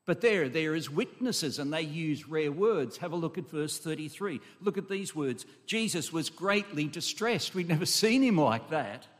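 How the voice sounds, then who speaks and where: With a fairly high, expressive voice, a man preaches an emphatic expository sermon at a moderate pace with few pauses. He fills it with rhetorical questions and asides to the congregation, and the sound echoes long as in a large hall.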